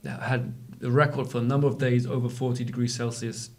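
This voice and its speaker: A man co-hosting a news podcast, talking casually and pausing often to gather his thoughts. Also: medium pitch, little pitch movement, a little mellow. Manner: conversational, hesitant with fillers. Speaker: podcast co-host, journalist. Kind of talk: casual chat.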